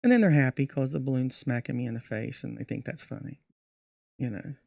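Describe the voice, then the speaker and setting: A man's voice: mid-range voice, brisk, creaky, dry recording. A middle-aged man, a magician, telling stories from his show in a casual podcast interview. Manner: animated storyteller acting out his show. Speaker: magician guest.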